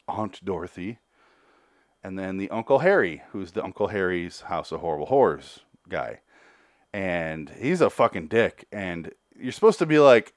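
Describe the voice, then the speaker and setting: A man's voice: lowish voice, no echo, clean studio sound. A man giving a casual, rambling recap, sarcastic and foul-mouthed, with lots of digressions. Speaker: reviewer.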